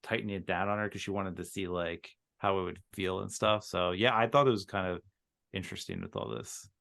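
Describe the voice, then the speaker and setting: A man's voice: sits low, animated, a little fast, vocal fry, a bit bright. A man guest on a podcast, an author, chatting casually about a film with many "like" fillers.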